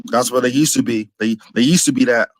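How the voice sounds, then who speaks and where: A man's voice: mid-range voice, a little fast, dry recording, poor audio. A man arguing heatedly on a panel, insulting and combative, repeating his points. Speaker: panel debater. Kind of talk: heated argument.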